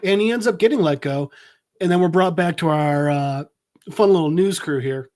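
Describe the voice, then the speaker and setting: A man's voice: on the high side, moderate pace, a little mellow. A man hosting a podcast, recapping a comic in a casual, rambling way with lots of fillers. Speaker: podcast host.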